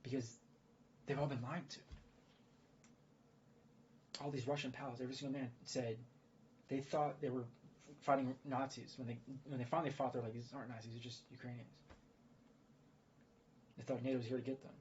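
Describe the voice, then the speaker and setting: A man's voice: medium pitch, flat delivery, a little fast, long pauses, a little mellow. Man, rambling casual commentary, lots of fillers, faint background noise. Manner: rambling, many fillers and restarts. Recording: dull lo-fi audio with faint noise.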